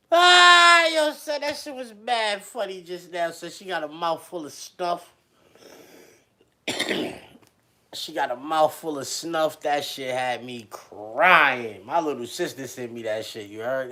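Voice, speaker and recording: Slangy man chatting on a livestream. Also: on the high side. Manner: slangy and animated, often addresses chat. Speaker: livestream host. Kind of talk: casual livestream chat.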